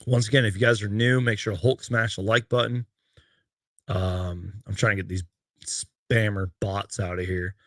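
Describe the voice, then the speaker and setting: At a moderate pace and with a steady tone, a fairly low-pitched man chats casually on his sports livestream, loosely reading off game stats and viewer comments. Studio quality, no echo.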